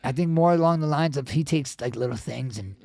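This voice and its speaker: A young man, co-hosting a casual family podcast, telling animated stories and swearing freely. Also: mid-range voice, brisk, creaky, no room sound. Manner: animated storyteller, swears freely, acts out quotes. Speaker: podcast co-host.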